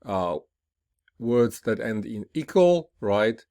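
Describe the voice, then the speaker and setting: A man teaching an English pronunciation lesson, explaining each rule slowly and deliberately, often checking in with "right?" and saying word pairs aloud with clear, emphatic stress. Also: on the low side, sing-song, a little mellow.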